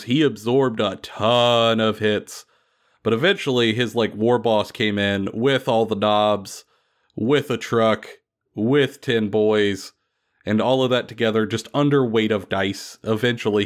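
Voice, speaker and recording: Podcast host guy, casual and playful, lots of ums and likes. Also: mid-range voice. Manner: animated, playful storytelling with lots of fillers. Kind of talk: casual tabletop gaming chat.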